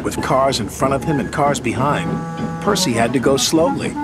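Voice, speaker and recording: A man narrating a children's storybook cartoon in an expressive storytelling manner. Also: medium pitch, normal speed. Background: music.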